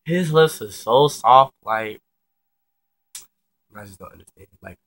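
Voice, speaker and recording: Young man with a bright, forceful voice. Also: medium pitch, slow. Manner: chatty and slangy, swears freely, many fillers. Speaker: vlogger telling a personal story. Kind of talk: casual storytelling to camera.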